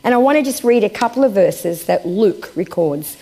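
This woman delivers a sermon with scripture readings in an animated, medium-pitched voice. Emphatic lifts alternate with hushed, slowly spoken lines.

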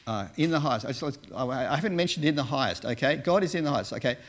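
A man's voice: mid-range voice, expressive, quick pace. A man who once worked as a Bible translator, giving a casual sermon and talking through slides with many fillers and restarts. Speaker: preacher, former Bible translator.

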